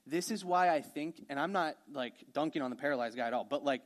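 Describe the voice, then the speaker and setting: A man with a slightly high voice delivers a casual, storytelling sermon. He talks to the congregation directly, dropping asides and filler words as he retells the scene with energy. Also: a little fast. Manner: conversational, animated storytelling with frequent "like" and "okay". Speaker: pastor.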